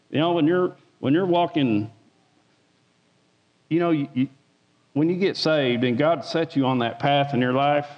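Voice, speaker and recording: A man giving an informal sermon as a lay preacher, folksy, repeating words and asking the room for an amen. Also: a little high. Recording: dull sound with long hall reverb.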